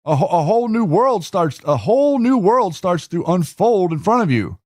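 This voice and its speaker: A man's voice: high voice, sing-song, normal speed, a little mellow, no room sound, clean studio sound. A man hosting a show, talking casually while screen-sharing, with rambling restarts and rhetorical questions. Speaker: host.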